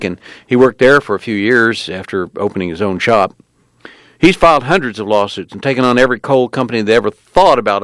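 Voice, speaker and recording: A man's voice: fairly low pitch, no echo, natural voice. A man voicing a matter-of-fact local man recounting a family's tragedy. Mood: proud.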